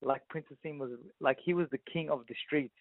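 Slightly high-voiced and brisk, this thirtysomething Australian man is a guest boxer sharing stories in a relaxed interview. His intonation stays fairly even, and "you know what I mean" comes up often. The audio is dry, tinny and phone-like, with no room sound.

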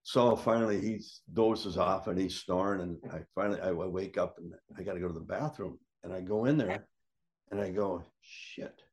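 A man telling a casual anecdote, animated and jumping up in pitch when he acts out what others said. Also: brisk, few pauses, a little hiss or hum. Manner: animated, acts out quoted voices with big pitch jumps. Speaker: storyteller guest.

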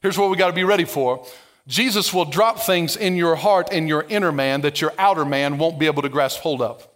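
A man preaching a lively, conversational sermon as a pastor, acting out biblical dialogue with playful sarcasm and humor. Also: on the high side, a little fast.

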